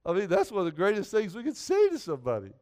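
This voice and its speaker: A man's voice: high-pitched, wildly swooping pitch, fast talker, a little mellow. A man preaching a sermon in an earnest, conversational way, often repeating himself. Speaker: pastor.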